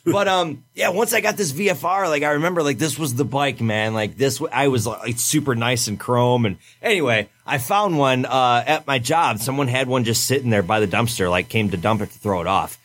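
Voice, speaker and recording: A man's voice: medium pitch, fairly quick, hardly any pauses, fairly bright tone. A young man on a podcast, telling a rambling, profane story in casual chat.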